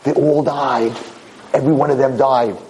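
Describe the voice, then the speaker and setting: A man giving a Torah lecture as a rabbi, telling a dramatic story with animated repetition. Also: mid-range voice, normal speed, slight background noise, poor audio. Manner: animated, repeats words for emphasis.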